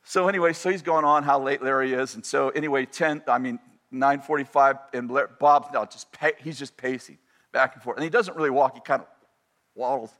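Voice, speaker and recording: A man telling a personal story in a sermon, animated and self-interrupting, often repeating and restarting his phrases. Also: medium pitch, brisk.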